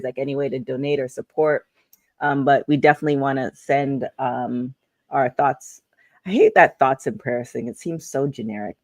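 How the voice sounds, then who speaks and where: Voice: medium pitch, a little mellow, dry recording. A podcast co-host sharing wrestling news items in an easygoing way, with many hesitant fillers. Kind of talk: casual wrestling podcast chat.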